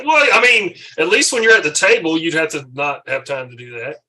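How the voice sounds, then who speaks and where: Bright-voiced podcast co-host. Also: male voice, on the high side, very animated, moderate pace. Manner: short reactions, easy laughter. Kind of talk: casual podcast chat.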